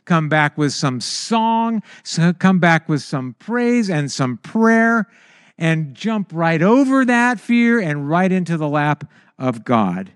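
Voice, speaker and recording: A man preaching a sermon in an animated way, stammering when excited and breaking into anguished high cries. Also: takes it slowly, smooth, no echo, clean studio sound.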